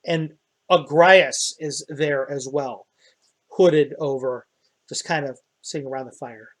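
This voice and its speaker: A man running a tabletop game as dungeon master, describing scenes in a relaxed way with hesitant fillers. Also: fairly high pitch, slow.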